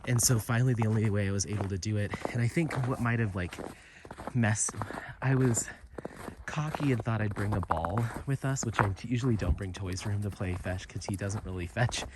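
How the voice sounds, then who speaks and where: A man's voice: fairly low pitch, fairly quick. A man chatting casually and rambling with lots of fillers while walking a mountain trail for his vlog. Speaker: vlogger. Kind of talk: casual walk-and-talk vlog. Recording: heavy outdoor background noise. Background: loud outdoor noise.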